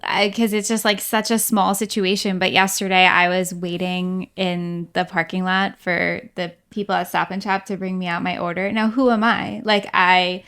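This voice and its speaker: A woman's voice: lowish voice, level tone, moderate pace, hardly any pauses, a bit bright, smooth. A woman co-hosting a faith podcast, speaking candidly and laughing at herself while acting out what she said. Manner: candid, self-deprecating, acts out her own quoted lines. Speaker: podcast co-host. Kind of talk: casual faith discussion.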